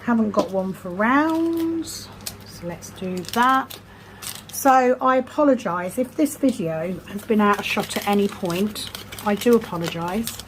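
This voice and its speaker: A woman chats casually on her vlog as she sorts craft supplies at home. She is self-deprecating and reads numbers out slowly under her breath. Her voice sits at a middle pitch, and a steady hiss runs underneath. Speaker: vlogger. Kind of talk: casual chat while sorting craft supplies. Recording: noisy background hiss.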